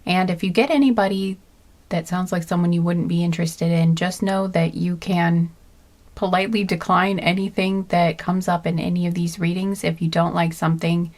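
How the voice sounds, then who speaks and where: A tired woman giving a relaxed tarot card reading, soft-spoken and rambling, trailing off with fillers. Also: on the low side, moderate pace, no echo. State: tired and sleepy.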